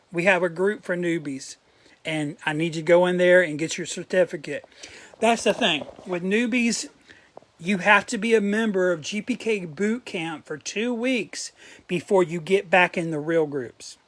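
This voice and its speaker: A man's voice: high-pitched, fairly bright tone, no echo. A man in a casual show-and-tell vlog, rambling through his collection with crude jokes and asides, his throat a little dry. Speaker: collector vlogger.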